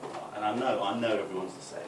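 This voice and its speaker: A man's voice: lowish voice, fairly even intonation, quick pace. A man doing a live stand-up set, rambling and conversational with lots of "right?" asides. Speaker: stand-up comedian. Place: football club function room, live audience. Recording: echoey room from far off, noisy.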